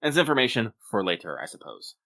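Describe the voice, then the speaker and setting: A man's voice: fairly low pitch, very animated, fast talker, sharp tone. A man co-hosting a podcast and reading listener mail, playful and jokey with mock-dramatic asides. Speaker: podcast co-host reading mailbag. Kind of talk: casual chat.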